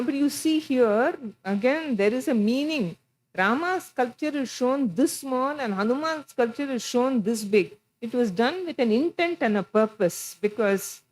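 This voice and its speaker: A middle-aged woman with an Indian English accent lectures before an audience. Her fairly high voice tells stories and acts out quoted lines. She slips into chanted Sanskrit verses. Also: poor audio. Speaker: guest lecturer on temple sculpture. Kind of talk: illustrated lecture.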